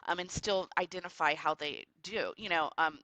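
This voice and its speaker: A woman from Texas, a podcast guest, telling a personal story in an earnest, reflective way with quick run-on phrases. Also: fairly low pitch, pushed and bright, no echo, rough recording.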